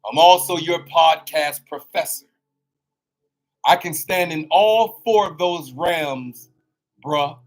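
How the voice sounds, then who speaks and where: A man's voice: fairly high pitch, slow, low-quality recording. A middle-aged man hosting his own podcast as a health coach, talking in a loose, preachy, motivational way with casual slang. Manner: preachy, animated, colloquial with slang.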